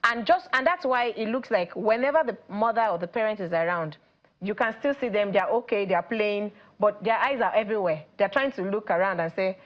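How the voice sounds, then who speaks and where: A woman with a Nigerian accent, a coach guest on a studio talk show, explaining things lively and acting out parents and children. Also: medium pitch, a little fast, dull audio. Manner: animated, acts out parents and children in quoted voices.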